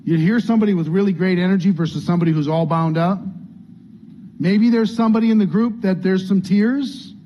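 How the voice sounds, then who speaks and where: A business coach talks earnestly and conversationally to a training group, acting out what people might say. His voice is high-pitched, a little fast and dark-toned, with slight hiss or hum on a dull lo-fi recording with faint room ambience.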